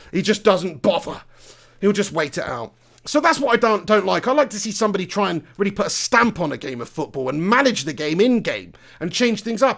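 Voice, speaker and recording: A young man rants through a live football reaction stream. His voice sits high and has a gravelly edge. He swears freely and piles up rhetorical questions. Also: a bit bright. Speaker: football fan channel host. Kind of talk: live match reaction rant.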